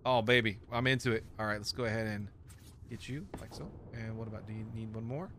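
A man's voice: on the low side, quick pace, fairly bright tone, slight background noise. A man giving casual let's-play commentary, chatty and self-mocking, talking to the pieces he builds. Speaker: gaming streamer.

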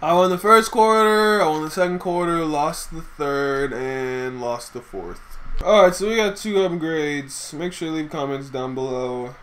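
A young man giving live commentary on his own basketball video game, getting frustrated, yelling at the game and then wrapping up with a channel outro. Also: unhurried. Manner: self-mocking outro pitch. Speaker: gaming YouTuber.

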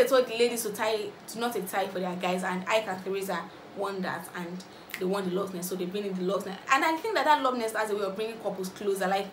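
Nigerian girl spilling reality show gist super fast, echoey room, a bit of background hum. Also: medium pitch. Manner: animated gossipy storytelling, acting out others' lines. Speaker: vlogger. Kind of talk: casual reality-show recap. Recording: roomy echo with faint ambience.

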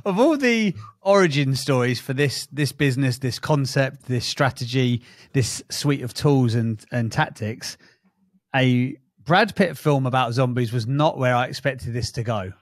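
A man's voice: medium pitch, a little slow, no room sound. A man hosting a podcast, asking curious, amused questions of his guest. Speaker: podcast host. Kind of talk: interview questions.

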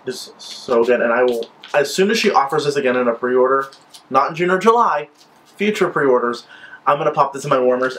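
A male vlogger chats casually through a product review, gushing over each scent he smells. His voice sits at an ordinary middle pitch and his talk is enthusiastic and effusive. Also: fairly bright tone, rough recording. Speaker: vlogger reviewing wax melts.

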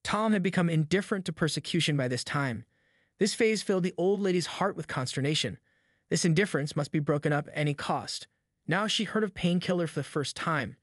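Guy reading an audiobook, steady measured pace, bit higher voice, super dry close mic. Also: no echo. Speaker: audiobook narrator. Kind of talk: scripted narration.

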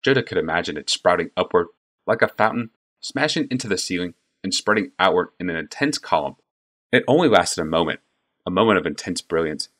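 A man narrates a fantasy novel with an expressive, storytelling delivery. His voice is deep, and his pitch moves lively through the action. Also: brisk. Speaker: audiobook narrator. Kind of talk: scripted narration.

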